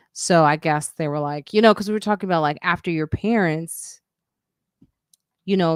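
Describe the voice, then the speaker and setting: Deep-ish voiced woman just chatting on her stream, goes off on tangents, super dry sound. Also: clear, resonant tone, no echo. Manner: chatty, rambling, emphatic asides. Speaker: podcast host on a live stream. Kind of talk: casual live-stream chat.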